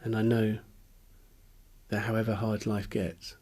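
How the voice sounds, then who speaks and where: A man's voice: fairly low pitch, level tone, unhurried, a little mellow. A man, a musician, speaking in a candid interview, hesitant and searching for words, openly earnest and emotional.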